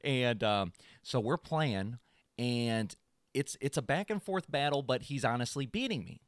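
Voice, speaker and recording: A man co-hosting a casual podcast, telling a long story in an animated way and acting out quotes in a raised voice. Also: medium pitch, unhurried, dry recording, clean studio sound. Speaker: podcast co-host. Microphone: studio podcast mic.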